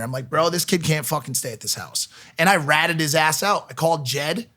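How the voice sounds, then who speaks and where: A man's voice: fairly high pitch, animated, normal speed, hardly any pauses, a bit bright. A man co-hosting a podcast, telling stories casually with lots of swearing and acted-out quotes. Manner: swears a lot, acts out quotes. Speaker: podcast co-host.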